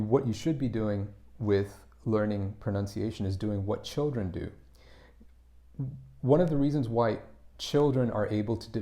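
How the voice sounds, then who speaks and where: A man's voice: lowish voice, dark tone. A man explaining English pronunciation in a casual spoken lesson, often restarting and repeating words as he thinks.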